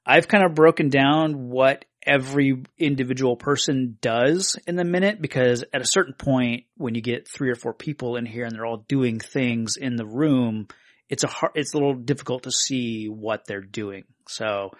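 A man's voice: mid-range voice, moderate pace, no room sound. Dry-sounding male podcast host. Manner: explains at length, walking through scenes step by step. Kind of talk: casual podcast discussion.

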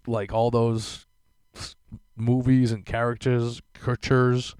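A man's voice: mid-range voice, flat delivery, slow pace, a little mellow, clear, resonant tone, dry recording. A young man hosting a casual solo podcast, rambling and swearing often, breaking into laughter as he talks. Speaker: podcast host.

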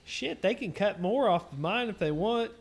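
A man's voice: high-pitched, expressive, moderate pace. A man co-hosting a casual podcast, talking in crude banter full of swearing, "like" and "uh.". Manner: heavy swearing, many fillers and restarts. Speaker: podcast co-host.

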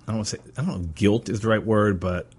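American man, podcast co-host, very deep husky voice, halting casual delivery. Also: darkish tone. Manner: hesitant, lots of fillers and trailing off. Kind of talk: casual chat.

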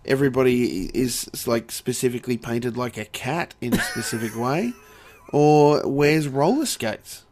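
A man's voice: mid-range voice, expressive, measured pace, a little mellow, slight background noise. A man co-hosting a casual chat, adding short, dry replies. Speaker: podcast co-host.

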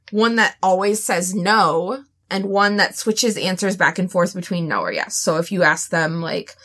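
A woman hosting a podcast in casual chat, giggly and animated. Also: mid-range voice. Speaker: podcast host.

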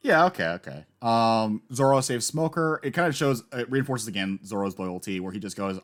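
A man co-hosting a podcast, chatting casually and jokily as he recaps an anime. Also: medium pitch. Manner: animated, jokey, quick to laugh. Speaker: podcast co-host.

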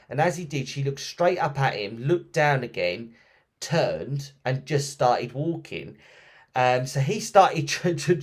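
A man hosting a podcast, retelling ghost stories in a chatty, lively way with plenty of ums and restarts. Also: mid-range voice. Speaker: podcast host. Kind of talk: casual storytelling podcast.

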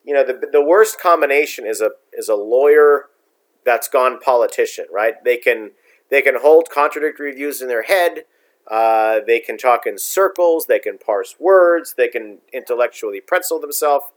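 A man's voice: medium pitch, expressive, normal speed. A middle-aged man co-hosting a casual political chat, opinionated and blunt, ranting in long runs. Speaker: podcast co-host.

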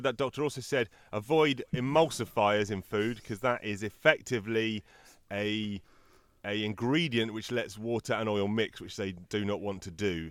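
A middle-aged man co-hosting a podcast in casual chat, jokey and animated as he tells stories. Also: lowish voice, no echo. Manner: chatty, jokey, animated storytelling. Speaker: podcast co-host.

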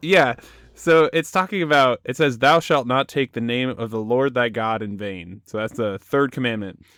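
A man's voice: medium pitch, moderate pace, fairly bright tone, clean tone, no echo, clean studio sound. A young man hosting a casual Christian podcast, upbeat and joking, often laughing. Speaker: podcast host.

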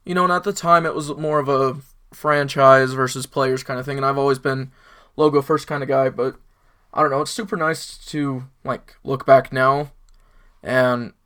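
A man's voice: medium pitch, fairly even intonation, normal speed, fairly bright tone, clear, resonant tone. Chill young guy on a football pod, rambles, lots of likes and ums. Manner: laid-back, rambling with lots of fillers. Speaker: podcast co-host. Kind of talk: casual sports podcast chat.

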